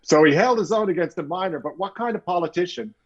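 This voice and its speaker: A middle-aged man from Canada, a guest author being interviewed, telling stories with animated quoted voices. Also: sits high, fast talker, muffled recording, crowd noise. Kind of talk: storytelling interview talk.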